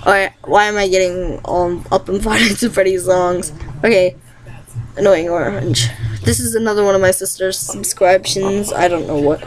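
A woman's voice: medium pitch, normal speed, rough recording. A young woman vlogging an impression challenge, giggly and self-mocking, rambling between tries.

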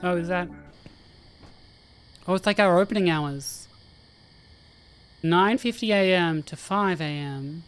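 A woman's voice: fairly low pitch, takes it slowly, long pauses, clear, resonant tone. Chatty woman narrating her gameplay. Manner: chatty, thinks aloud, hums to herself. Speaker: gaming streamer. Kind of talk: casual let's-play commentary. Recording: faint game music behind.

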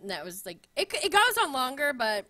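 A young woman co-hosting a casual chat, excitable and profane, quick to laugh and shriek. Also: high voice, background noise. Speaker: co-host.

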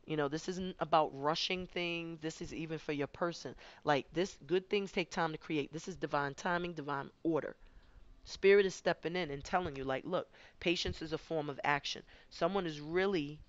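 A woman's voice: sits low, moderate pace, no echo, highs cut off. A woman giving a conversational spiritual tarot reading, rambling and often repeating her words. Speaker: tarot card reader.

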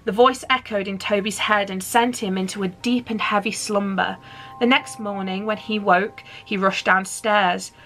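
A woman's voice: mid-range voice, fairly even intonation, moderate pace, fairly bright tone, slight background noise. Playful woman reading a Christmas story. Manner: playful, chatty asides. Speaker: storyteller, channel host.

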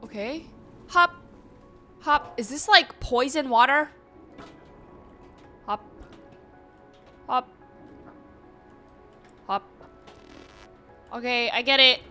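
Young woman gaming host, high and bright, unhurried, jumpy and chatty, talking to her chat. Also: faint music behind. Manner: easily startled, talks to the game and chat, gasps and exclaims. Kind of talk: casual let's-play commentary.

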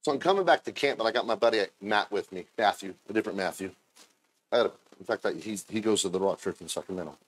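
A man in his fifties preaching a sermon, moving between low, chatty storytelling and loud, shouted preaching. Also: quick pace. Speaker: pastor.

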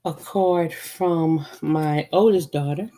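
Slow, low-voiced woman with a stuffy cold. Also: mellow. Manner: chatty, rambling, with frequent ums. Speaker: vlogger. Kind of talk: casual holiday haul chat.

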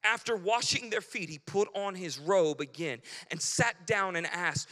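Bright high-voiced male pastor preaching. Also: a little slow, few pauses. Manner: conversational, keeps checking in with "right?". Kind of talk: sermon. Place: church sanctuary. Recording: long church hall reverb.

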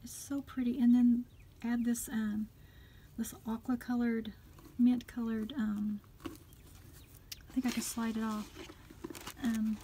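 Lady unboxing craft goodies at home, high voice, slow, faint hiss behind her. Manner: gushing, excitable, softly murmuring asides. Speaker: craft vlogger. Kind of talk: unboxing commentary, chatty.

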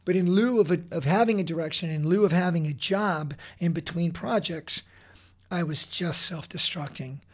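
A man's voice: fairly high pitch, moderate pace. A man in his forties, a podcast guest, telling personal stories in an intense, blunt way, swearing freely and often restarting his sentences. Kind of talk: emotional personal storytelling.

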